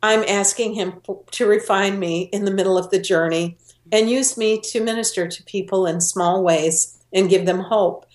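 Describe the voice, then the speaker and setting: A woman's voice: mid-range voice, steady tone, darkish tone. Earnest older woman in a roomy space. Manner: earnest, emotional, slows down for emphasis. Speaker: guest. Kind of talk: personal storytelling interview. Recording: roomy echo.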